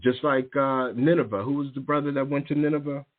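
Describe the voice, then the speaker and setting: A radio show host and youth coach runs a casual spiritual talk show, his mid-range voice fairly quick over a narrow, phone-like line. He tells animated, rambling stories with restarts, acting out the voices in them.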